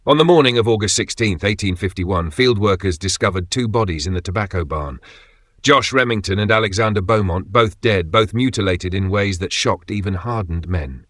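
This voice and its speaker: Grave low-voiced male horror narrator. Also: normal speed, a bit bright, no room sound, studio quality.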